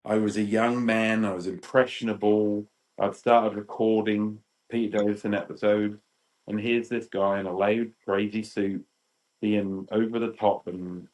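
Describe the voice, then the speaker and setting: A British man in his fifties, a podcast guest telling lively anecdotes and acting out quotes. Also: lowish voice, low-quality recording. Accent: British English. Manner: animated, acts out quotes. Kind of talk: storytelling chat.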